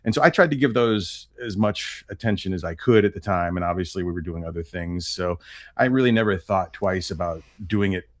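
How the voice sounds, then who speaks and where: A man's voice: low-pitched, a little fast, no echo, clean studio sound. A middle-aged man and voice actor, a podcast guest, chatting casually in a projecting voice and laughing often. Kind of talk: casual interview chat.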